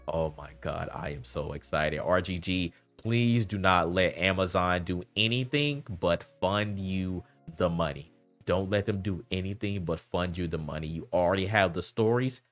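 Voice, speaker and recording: Male streamer, low voice, excitable, repeats lines, faint music behind. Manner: animated, repeats himself, quick bursts of laughter. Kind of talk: casual livestream chat.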